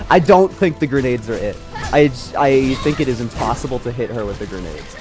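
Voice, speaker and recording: A man streaming a game live, swearing and yelling in frustration, mocking himself and laughing often. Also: medium pitch, expressive, moderate pace, music in the background. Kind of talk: live gameplay commentary.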